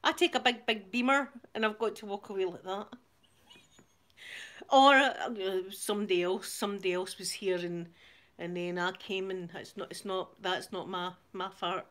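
A woman's voice: mid-range voice, fairly even intonation, normal speed, a bit bright. A middle-aged Glaswegian woman talks with her viewers in a loose live-stream chat. She laughs a lot and keeps a giggly, chatty flow between thanking people and telling stories. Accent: Glaswegian Scottish. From Glasgow, Scotland. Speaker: channel host reading viewer comments.

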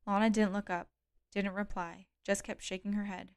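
Woman reading an audiobook, smooth and dry. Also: medium pitch, steady tone, moderate pace, no echo. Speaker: audiobook reader. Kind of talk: audiobook narration.

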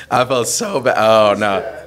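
With crowd noise behind him, a podcast co-host in his twenties takes his time, his lowish voice swinging widely in pitch. In a casual chat he tells a long-winded, self-deprecating story and keeps laughing through it.

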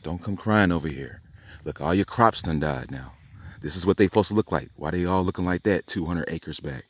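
A low-voiced man vlogs outdoors beside a garden plot in a rambling rant, swearing and laughing as he taunts someone. The recording has no echo.

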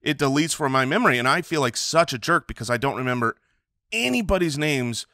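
A man's voice: mid-range voice, expressive, fairly quick, sharp tone, no echo, studio quality. A man co-hosting a comedy podcast, telling rambling self-mocking stories in casual banter. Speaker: podcast co-host.

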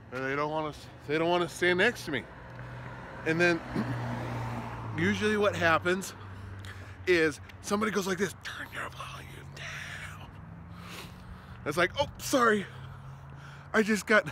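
Guy talking on a walk outside, bright voice, pitch jumps all over, faint traffic behind him. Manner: animated, swings between loud emphasis and soft slow asides. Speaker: vlogger. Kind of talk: walking vlog, casual advice talk. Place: outdoors on a walk, street traffic nearby. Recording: faint outdoor street noise.

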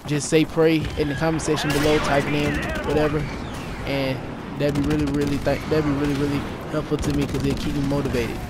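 Man, casual vlog storytelling, animated, repetitive, slightly high voice, loud game gunfire in background. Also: quick pace. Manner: animated, rambling, repeats himself, says "yo". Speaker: YouTuber. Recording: noisy with game gunfire behind.

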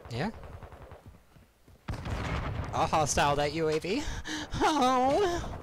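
A young man streaming a shooter game, commenting casually with lots of swearing and excited outbursts. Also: sits high, very slow, noisy background. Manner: profane, excitable, frequent loud outbursts.

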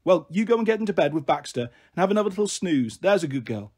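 A man's voice: high-pitched, very animated, quick pace, a little mellow, breathy edge, full character voice. A man voicing a cheerful young mother who teases and mock-scolds her daughters in a storybook reading. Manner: teasing, affectionate scolding.

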